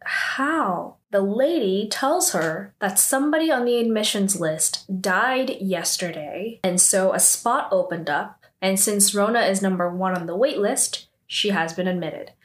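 A woman's voice: mid-range voice, measured pace, hardly any pauses. A young woman casually recapping a TV drama episode, chatty and full of "like", her voice rising in disbelief at times.

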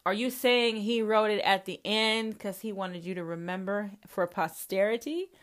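A woman with a medium-pitched voice and fairly even intonation hosts a podcast at a moderate pace. Her monologue is confrontational and full of profanity, delivered straight to the listener.

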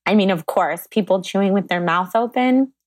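A woman hosting a podcast in casual chat, telling stories with lively voiced reactions. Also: mid-range voice, moderate pace. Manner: animated, storytelling with voiced reactions. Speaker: podcast host.

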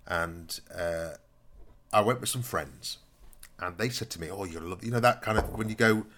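A man, co-hosting a podcast in a teasing, animated way. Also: fairly low pitch, moderate pace. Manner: teasing and animated, slips into playful mimicry. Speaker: podcast co-host. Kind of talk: casual chat.

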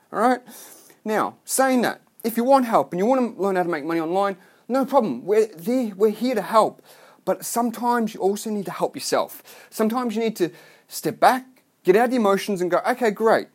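Fast-talking man on a blunt rant. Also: high-pitched, darkish tone. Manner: blunt, profane, exasperated; rambling with restarts. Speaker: online business coach. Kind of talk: ranting vlog monologue.

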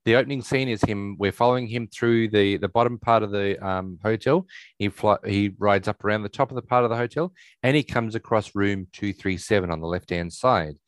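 Man, podcast co-host, lowish voice, rambling recap, dry close sound. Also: brisk, dry recording, rough recording. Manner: rambling, retelling scenes with many restarts. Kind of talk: casual movie recap chat.

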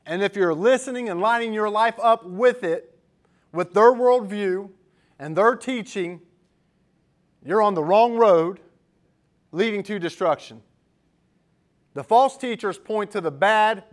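A man's voice: sits high, measured pace, pauses often. A male pastor preaching a sermon in an earnest, emphatic, conversational way, mixing scripture with personal stories.

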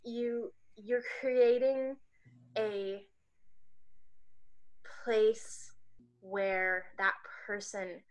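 A woman in casual conversation, explaining an idea gently and reflectively, often restarting her phrases. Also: a little high, rough recording.

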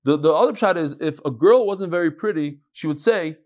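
A man's voice: a little high, fairly quick, few pauses, darkish tone. A man teaching an informal Talmud class to a live audience, a rabbi who wanders into asides and jokes and mixes Hebrew and Yiddish terms into his English. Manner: digressive and joking, mixing in Hebrew and Yiddish terms.

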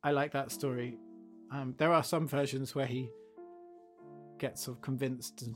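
A man hosting a podcast, telling a fable and then reflecting on it in a gentle, thoughtful way. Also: mid-range voice, fairly even intonation, a little slow, faint music behind. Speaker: podcast host. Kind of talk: storytelling and reflective commentary.

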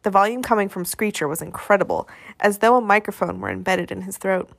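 A woman reading a novel aloud, with expressive storytelling. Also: medium pitch, a little fast, creaky, no room sound. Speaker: reader.

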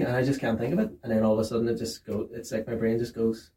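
A woman's voice: very deep voice, level tone, fast, warm tone. A woman co-hosting a podcast, chatting in a laid-back, blunt way with swearing. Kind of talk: casual podcast chat. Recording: roomy sound, distant mic, faint hiss.

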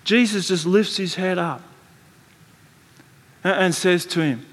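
A man's voice: high voice, slow, pauses often, a bit bright. A man preaching a sermon, telling the story in a conversational way with frequent restarts and repeated words. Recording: long reverb from a large hall.

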